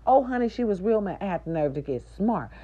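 A middle-aged woman, a nurse aide, telling viewers a story in a loud, profane, indignant rant. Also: medium pitch, animated, fast talker. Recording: dull lo-fi recording.

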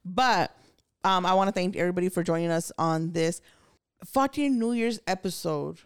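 A young woman co-hosting a casual podcast, swearing freely and laughing through her banter. Her voice sits a little low for a woman. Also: moderate pace, smooth. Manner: profane, laughing, loose banter. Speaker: podcast co-host.

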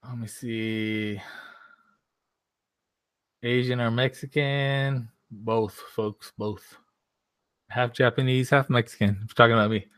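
A man's voice: mid-range voice, steady tone, takes it slowly, pauses often, fairly bright tone, dry recording, studio quality. Profane, rambling male streamer. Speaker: livestream host. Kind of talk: casual livestream chat.

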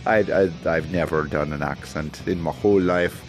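A man's voice: low voice, steady tone, normal speed, faint music behind. A man hosting a solo podcast, talking in a loopy, wandering, jokey way. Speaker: podcast host. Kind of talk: rambling solo podcast chat.

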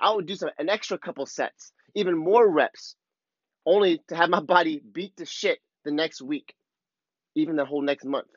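A man's voice: fairly high pitch, normal speed, no echo, muffled recording. A man talking as a surf coach in a casual, rambling monologue, candid and full of swearing, recorded on a clip-on mic. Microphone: clip-on wireless mic.

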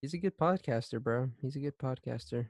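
A man's voice: mid-range voice, brisk, a little mellow, no echo. A man co-hosting a podcast in casual chat, easygoing, restarting his phrases and saying bro and dude. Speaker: podcast co-host.

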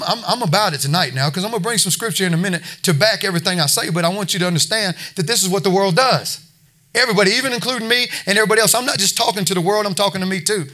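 High, bright-voiced folksy preacher man. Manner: conversational, folksy, repeats himself. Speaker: preacher at a recovery ministry. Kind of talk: informal sermon.

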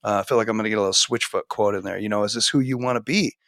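A man's voice: fairly low pitch, racing, gravelly, a bit bright, dry recording, clean studio sound. A man in his forties, a teacher and author, talking animatedly as a podcast guest, full of fillers and restarts. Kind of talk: casual conversational interview. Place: home office.

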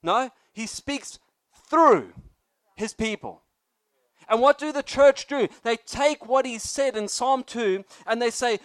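A young man preaching with lively energy, joking with the room and then driving his points home loudly. His voice sits high for a man and rings clear and smooth. It is miked close, with a dry sound. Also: takes it slowly, dry recording. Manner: energetic, jokey, rising to loud emphasis. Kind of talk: sermon.

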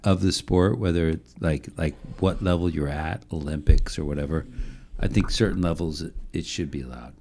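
A man's voice: very deep voice, normal speed, darkish tone, a little hiss or hum. A man co-hosting a casual sports podcast, joking and rambling through loose banter. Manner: joking, rambling, self-deprecating. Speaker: podcast co-host.

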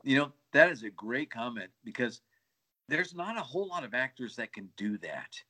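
Bright, enthusiastic man in chat. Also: medium pitch, sing-song, normal speed. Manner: enthusiastic, exclamatory. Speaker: podcast co-host. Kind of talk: casual chat.

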